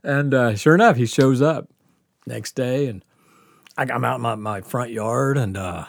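A man's voice: mid-range voice, unhurried, gravelly, no echo, clean studio sound. A middle-aged man hosting a podcast, telling a rambling, profane story in a casual way and laughing as he goes. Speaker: podcast host.

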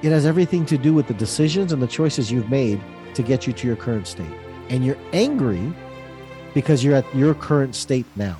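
A man's voice: mid-range voice, animated, fairly quick, mellow, faint music behind. A man hosting a motivational talk, emphatic and repeating his key points to listeners on a call. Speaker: host.

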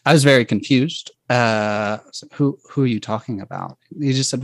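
A man telling a personal faith story in conversation, speaking haltingly and reflectively with many restarts. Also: mid-range voice, no room sound.

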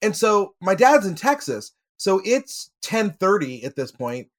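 A man's voice: high-pitched, sing-song, a little slow. A man on a podcast panel, telling a personal story in casual chat, with many fillers and laughs.

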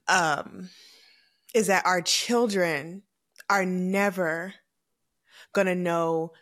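A woman's voice: lowish voice, slow pace, long pauses, a bit bright. A woman in her thirties talks earnestly on a podcast, her words reflective and open. The tone is casual and heartfelt, with feeling close to the surface. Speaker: podcast co-host.

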